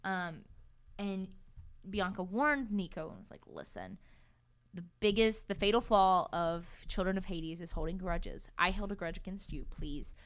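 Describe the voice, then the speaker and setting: A woman's voice: mid-range voice, moderate pace. A young woman co-hosting a casual book podcast, retelling the plot and putting on silly voices for the characters. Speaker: podcast co-host.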